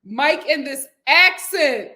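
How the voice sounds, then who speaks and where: Animated bright-voiced woman streamer. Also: sits high, slow pace. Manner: chatty, animated, reads viewer comments aloud. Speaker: live-stream host. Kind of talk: casual live-stream chat reading comments. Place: home.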